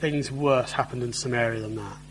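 A man's voice: mid-range voice, fairly even intonation, brisk, slight background noise, poor audio. A man preaching a sermon in a conversational way, often asking his listeners tag questions.

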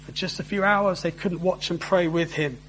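Chatty preacher with a raised voice. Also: male voice, high-pitched, steady tone, moderate pace, a bit bright, slight background noise, low-quality recording. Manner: conversational, with frequent tag questions. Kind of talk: sermon.

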